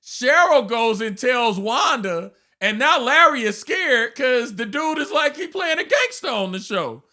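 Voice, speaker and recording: A man co-hosting a podcast, chatting casually, swearing freely and laughing through animated stories. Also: extremely high pitch, unhurried. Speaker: podcast co-host. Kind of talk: casual chat.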